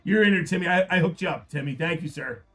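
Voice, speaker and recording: A man hosting a live card-break stream, repeating prices and hyping the product in an upbeat sales pitch. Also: quick pace, bright, forceful tone, soft background music. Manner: upbeat, repetitive hype.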